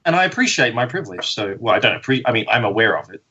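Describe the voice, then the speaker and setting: A man's voice: fairly low pitch, very animated, fast talker, muffled recording, a crowd in the background. A middle-aged man with an Australian accent, chatting wryly as a podcast guest. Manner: chatty, wry, self-deprecating. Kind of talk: casual podcast chat.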